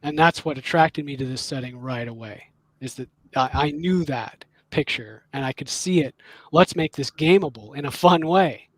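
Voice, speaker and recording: A man on a livestream panel, explaining his ideas earnestly with pauses and restarts. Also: fairly high pitch, dry recording, low-quality recording. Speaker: game designer on a livestream panel. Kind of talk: casual livestream chat.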